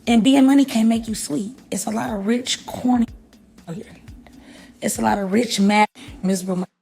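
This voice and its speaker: A woman's voice: a little high, a little fast, gravelly, mellow, soft background music. Woman in a heated, profane rant. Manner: heated, cursing, lecturing.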